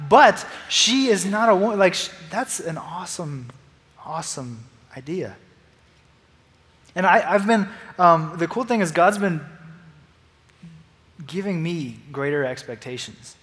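A young man giving a casual, excitable sermon, rambling with lots of restarts and "like". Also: a little high, in a large hall. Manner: excitable, rambling, laughs and restarts, says "like" a lot. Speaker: youth preacher.

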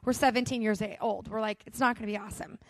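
A young adult woman pastor telling a story in a sermon, animated and self-mocking, acting out the voices of the people in it. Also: mid-range voice, fast. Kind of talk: storytelling sermon to a live crowd. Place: gymnasium.

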